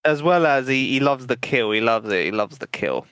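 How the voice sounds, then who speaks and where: A man's voice: medium pitch, lively intonation, normal speed, fairly bright tone, smooth, dry recording. A man co-hosting a casual gaming podcast, swearing freely and laughing as he tells trolling stories. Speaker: podcast co-host.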